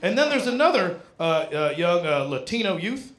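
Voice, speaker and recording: A man telling a stand-up story, animated, now and then shouting out acted bits of dialogue. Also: high voice, normal speed, heavy background noise. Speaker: stand-up comedian. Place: comedy stage with a live audience. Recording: roomy live room with crowd laughter.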